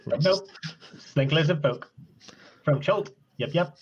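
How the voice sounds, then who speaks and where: A man's voice: on the high side, slow, slightly rough, lo-fi sound. A man voicing a terse male lizardfolk warrior who speaks in short, clipped bursts and repeats his words.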